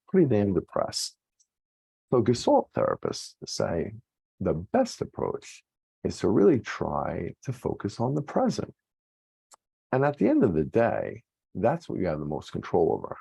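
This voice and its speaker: A man's voice: fairly low pitch, wildly swooping pitch, normal speed, creaky, mellow, breathy edge, no room sound. A male psychologist giving an earnest, encouraging self-help talk on weight loss, often checking in with the listener.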